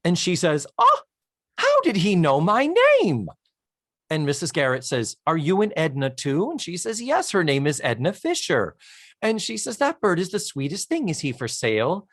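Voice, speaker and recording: A man co-hosting a podcast, retelling a sitcom episode with animated storytelling, acting out its lines and swearing for comic effect. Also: a little high, moderate pace, no echo, studio quality. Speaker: podcast co-host. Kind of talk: casual recap chat.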